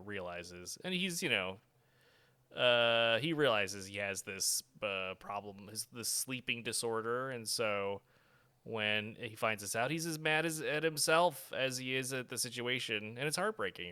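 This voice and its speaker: A man co-hosts a casual podcast chat about a TV episode. His voice is bright and smooth, and he laughs often. He fills his talk with fillers and quick self-corrections. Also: fairly low pitch, expressive. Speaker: podcast co-host.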